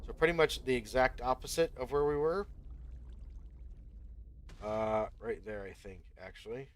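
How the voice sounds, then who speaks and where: A man's voice: medium pitch, measured pace. A man hosting a gaming channel, talking the viewer through each step as he plays in casual commentary.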